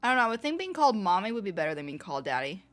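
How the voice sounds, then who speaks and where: A young woman with a fairly low voice chatting casually on a livestream, playful and laughing often. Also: big pitch swings, very fast, a bit bright. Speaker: streamer. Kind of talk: casual livestream chat reading comments.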